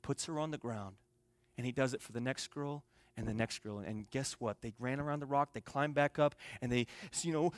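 A young man delivers a sermon in a fairly high voice, recorded close and dry with little room sound. He tells stories and swings from soft, hushed passages to loud, emphatic calls. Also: fairly quick, no room sound. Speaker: pastor.

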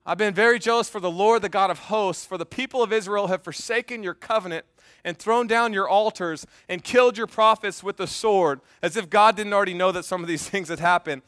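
A male pastor preaching with lively energy, reading verses aloud and teasing his congregation. His voice sits high for a man. The sound is dry and close, with little room echo. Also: a little fast. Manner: animated preaching, reads scripture aloud, jokes with congregation. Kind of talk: sermon. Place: church.

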